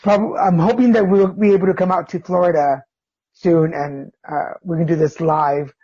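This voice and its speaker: A male podcast host chatting casually with a guest, loose and full of ums and easy laughter. His voice sits in the middle range with a slightly husky edge. The recording is dull and lo-fi. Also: on the high side, moderate pace. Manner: relaxed, filler-heavy, laughing. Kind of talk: casual interview. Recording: dull lo-fi sound.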